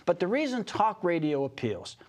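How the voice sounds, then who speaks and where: A man's voice: high voice, very animated. An older man co-hosting a radio talk show, arguing politics in an emphatic, mocking way and often cutting in. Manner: emphatic, mocking, quick to interrupt. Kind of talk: opinionated political banter.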